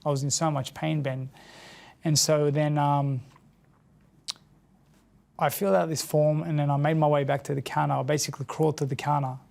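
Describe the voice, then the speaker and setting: An Australian man recounting a hard personal story in an interview, in a halting, earnest way that often repeats words and restarts. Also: on the high side, level tone, creaky, darkish tone. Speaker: interview guest. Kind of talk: emotional personal account in an interview.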